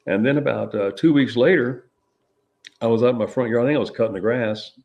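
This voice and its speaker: A middle-aged man, telling a personal experience as an interview guest in a halting, rambling way full of restarts. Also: medium pitch, vocal fry, darkish tone, dull audio.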